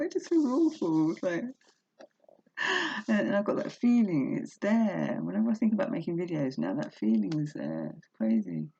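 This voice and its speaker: In a casual home vlog, a woman with a low, gravelly, mellow voice and a breathy edge reads aloud from a self-help book, breaking off for chatty, emotional asides full of laughs and self-talk. She's in a room at home, and the laptop webcam mic gives a dull, lo-fi sound.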